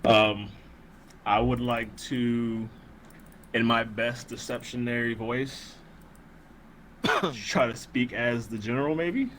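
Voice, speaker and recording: A man's voice: mid-range voice, slow, long pauses, fairly bright tone, slight background noise. A man playing in a tabletop game over a voice call, laughing a lot and stumbling over his first words. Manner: laughing, repeats words when starting. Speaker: player. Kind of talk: casual tabletop game chat. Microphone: headset, then computer mic.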